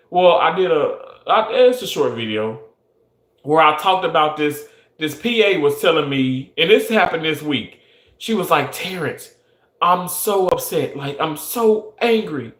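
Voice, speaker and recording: Young man, earnest monologue, a bit high, echoey room. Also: a bit bright. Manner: earnest, emphatic, many restarts. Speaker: surgical technologist. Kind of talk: casual monologue.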